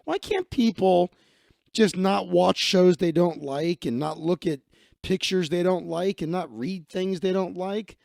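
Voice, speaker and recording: A man's voice: high-pitched, unhurried, gravelly, darkish tone, no room sound, studio quality. A man hosting a live stream, reading news stories aloud and ranting bluntly with heavy profanity.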